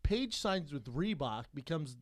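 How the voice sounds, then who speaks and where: A man co-hosting a podcast, talking about fights in a casual, animated way and swearing now and then. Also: a little high, unhurried. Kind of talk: casual chat.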